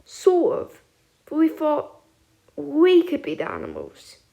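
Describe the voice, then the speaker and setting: James, as read by a woman, a steady schoolboy. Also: high-pitched, creaky, highs cut off, voice pushed up, full character voice. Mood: explaining. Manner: measured, tempering. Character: calm steady teenage schoolboy, the group's leader.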